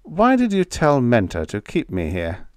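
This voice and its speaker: A man's voice: medium pitch, huge pitch swings, a little slow, no room sound. A man reading aloud, voicing a guarded male space agent who keeps his voice level and careful.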